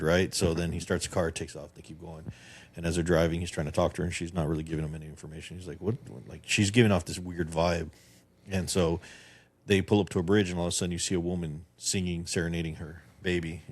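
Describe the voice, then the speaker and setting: A middle-aged man, a podcast guest and filmmaker, chatting casually and telling a story in an animated, profanity-laced way. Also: sits low, fast talker, husky.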